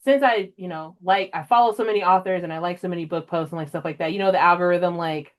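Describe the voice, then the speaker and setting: A young woman hosting a casual book podcast, chatty and emotional, jumping way up in pitch when she acts out her own reactions. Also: quick pace. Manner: emotional, animated storyteller with big pitch jumps in quoted reactions. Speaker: podcast host. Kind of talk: casual chat.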